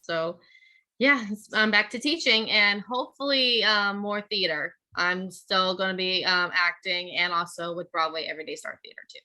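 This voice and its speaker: A woman chatting as a guest in a casual interview, bubbly and talkative. Her voice is bright and forward. She keeps an easy, friendly flow. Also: lowish voice, fairly even intonation. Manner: bubbly, chatty, quick laughs. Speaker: guest, teacher and cosplayer.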